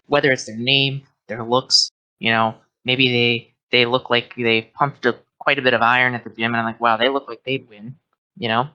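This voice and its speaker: A man's voice: mid-range voice, level tone, moderate pace, hardly any pauses, muffled recording. A man appearing as a podcast guest, chatting in a laid-back, rambling way with lots of fillers. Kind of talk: casual podcast chat.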